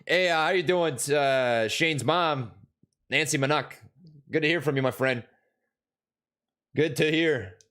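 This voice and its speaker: Young man, from Minnesota, somewhat high voice, casual live-stream chat, filler-heavy rambling. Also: a little slow, pauses often, a bit bright. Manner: rambling, lots of fillers and restarts, answers chat. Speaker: stock market streamer.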